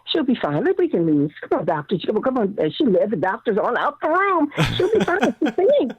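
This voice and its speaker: Animated older woman on a phone line. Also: mid-range voice, a little fast, slightly rough, no echo. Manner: animated storyteller, acts out quotes. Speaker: guest singer. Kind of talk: casual interview over the phone.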